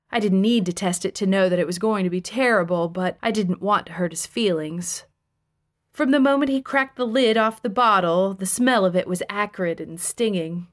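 Woman narrator, memoir audiobook, dry deadpan wit, middle pitch.

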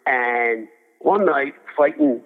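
An older Philadelphia man who works as a boxing cutman tells rambling stories in a casual interview, full of fillers and restarts. He speaks slowly at medium pitch, and the audio sounds phone-like with long reverb.

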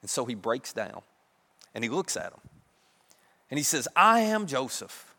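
A man preaching a sermon, telling a story in a lively way and acting out the characters' voices. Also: mid-range voice, moderate pace, breathy edge. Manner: animated, acts out characters' voices. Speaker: pastor. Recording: long reverb of a large hall.

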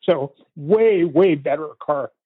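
Older Canadian man, husky storyteller, dry tinny phone-line sound. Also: on the high side, expressive, no room sound. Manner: unhurried, vivid storytelling with pauses and restarts. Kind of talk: recounting a family story in conversation.

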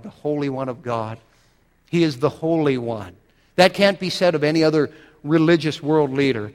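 A man's voice: mid-range voice, long reverb tail. A man preaching a sermon, reading scripture aloud and building to dramatic, emphatic swells.

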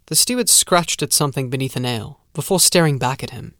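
A man's voice: mid-range voice, animated, a bit bright, no room sound. Male narrator, dry close audiobook sound. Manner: measured storytelling.

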